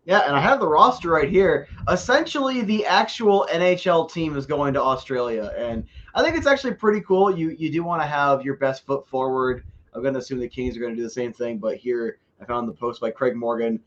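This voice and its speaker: A man's voice: mid-range voice, lively intonation, fairly quick, hardly any pauses, a bit bright, dull audio. A man co-hosting a casual sports podcast, joking and rambling and often repeating words as he talks. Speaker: podcast co-host.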